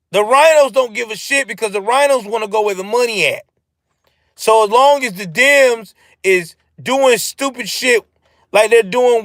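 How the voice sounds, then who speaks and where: Brief: high-pitched man ranting on a live stream, profane and animated, dry close sound. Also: no echo. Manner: profane, animated, answers chat. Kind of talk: ranting political commentary.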